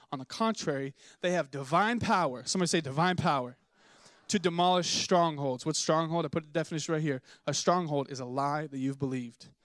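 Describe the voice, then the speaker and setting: A young man preaching a sermon in a church, telling stories with animated acted-out voices and asking the congregation to respond. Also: on the high side, no echo, studio quality. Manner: animated storytelling, acts out voices in anecdotes. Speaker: pastor. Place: church sanctuary.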